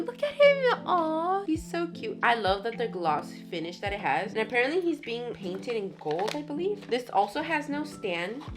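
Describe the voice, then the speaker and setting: A woman vlogger chatting casually and gushing excitedly while unboxing, with background music under her voice. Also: fairly high pitch.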